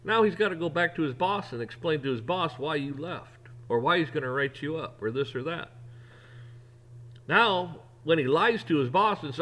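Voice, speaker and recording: A man with a fairly high, slightly bright, expressive voice hosts his own opinion podcast at normal speed. He rants bluntly with profanity, repeating words and restarting sentences whenever he gets worked up.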